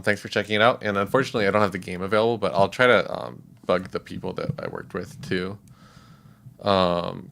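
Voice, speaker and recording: A man's voice: low-pitched, vocal fry, fairly bright tone. A man livestreaming as a composer, talking casually and rambling with many fillers and chuckles.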